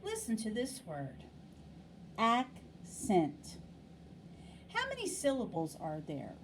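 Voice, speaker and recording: A woman's voice: fairly high pitch, wildly swooping pitch, normal speed, far from the mic, background noise. A woman teaching a phonics lesson to young children, patiently asking questions and stretching out words to demonstrate them. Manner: exaggerated word pronunciation, patient questions to young students. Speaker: elementary school teacher.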